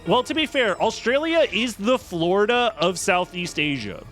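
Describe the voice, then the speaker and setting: Bright-voiced joking male streamer. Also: high-pitched, very animated, normal speed, faint music behind. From United States. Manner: joking, sarcastic, chatty with viewers. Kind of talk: live-stream gameplay commentary.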